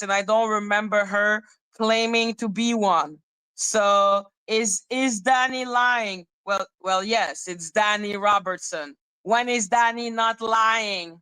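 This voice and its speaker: A woman's voice: medium pitch, bright, forceful tone, smooth, no room sound, rough recording. A woman hosting a commentary channel, talking through a casual monologue in a blunt, emphatic way and swearing freely.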